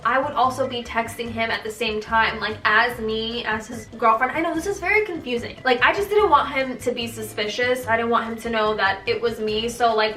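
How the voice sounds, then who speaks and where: Bright, high-voiced woman telling a sarcastic storytime. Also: far from the mic. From Tanzania. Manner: candid, sarcastic and animated, with swearing and slang. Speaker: vlogger. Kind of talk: casual storytime vlog. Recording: roomy echo, voice a bit off-mic.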